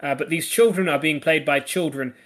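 A man's voice: fairly high pitch, brisk, fairly bright tone. A man co-hosting a podcast in casual chat, explaining background from his notes with dry wit. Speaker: podcast co-host.

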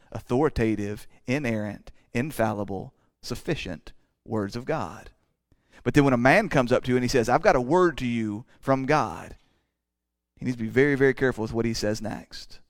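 A man's voice: mid-range voice, dry recording, studio quality. Man preaching an earnest sermon. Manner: earnest preaching, swells loud on key phrases then drops to quiet asides. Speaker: pastor.

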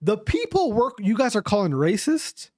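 A man's voice: sits high, big pitch swings, moderate pace, darkish tone, dry recording, studio quality. A man hosting his own podcast, speaking in an emphatic, repetitive and profane rant. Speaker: podcast host.

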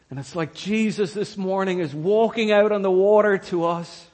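A man preaching a sermon as pastor, telling stories slowly and earnestly and dropping to a hushed voice for quoted lines. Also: high voice. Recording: long hall reverb.

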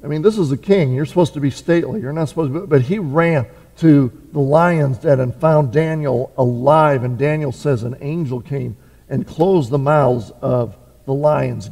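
A man's voice: medium pitch, creaky, a little mellow. A man preaching a conversational sermon, full of fillers, restarts and rhetorical questions. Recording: reverberant hall.

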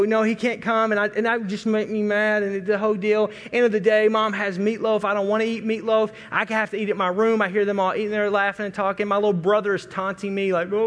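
A middle-aged man from Arkansas preaching a sermon, telling a folksy, animated story and acting out family voices. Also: high-pitched, fast, hardly any pauses. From Arkansas, USA. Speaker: pastor. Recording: long reverb of a large hall.

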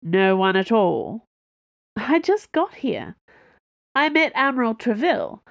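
A woman voicing a sharp-tongued young female tech tinkerer who talks in a brisk, curt way. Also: a little high, very animated, gravelly, dry recording, muffled recording, voice pushed up, heavily acted.

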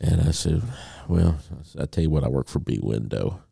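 A man co-hosting a podcast, telling a long story in a casual, animated way and acting out a phone call. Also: rumbling low, a little fast, vocal fry, husky, no echo, clean studio sound. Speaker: podcast co-host.

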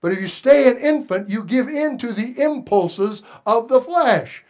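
Pastor, male, high voice, earnest sermon delivery swinging from hushed to forceful. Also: expressive, unhurried, hardly any pauses. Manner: swings between hushed confession and loud exhortation; earnest, plain-spoken preaching.

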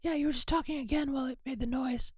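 A dim, literal-minded young sound engineer , voiced by a woman in a comedic audio sketch. He sounds high and flat, and slow on the uptake. The recording is close and dry. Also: breathy edge, dry recording.

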